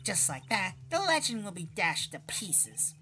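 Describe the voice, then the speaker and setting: A sly, cocky card dealer with a put-on Russian accent and a bright, forceful edge, as a woman voices her. She drawls through her scheming in a smug, slow way, like a game's con artist. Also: mid-range voice, sing-song, a little hiss or hum. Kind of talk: voicing a visual novel playthrough.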